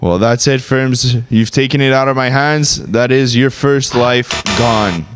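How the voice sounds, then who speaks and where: A man's voice: mid-range voice, a little slow, smooth, soft background music. A man hosting a quiz among friends as narrator, speaking in a theatrical, mock-formal announcer manner. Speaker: quizmaster and narrator.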